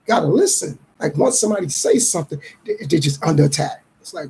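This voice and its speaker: On his podcast, a middle-aged man muses in a casual, streetwise way, his voice on the high side, expressive, creaky, a little mellow and slightly rough, and he quickly voices other people's lines. The recording is low quality.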